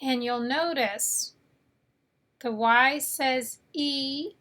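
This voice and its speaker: A woman teaching English phonics, saying each sound slowly and clearly and repeating it. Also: high-pitched, bright, forceful tone. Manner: slow, carefully enunciated, repeats each sound. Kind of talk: slow phonics lesson.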